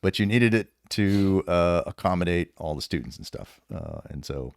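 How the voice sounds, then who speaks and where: A man in his fifties, a retired sergeant major and podcast guest, telling stories casually with an animated, profane manner and lots of laughter. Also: sits low, normal speed, clear, resonant tone, no room sound. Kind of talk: casual storytelling.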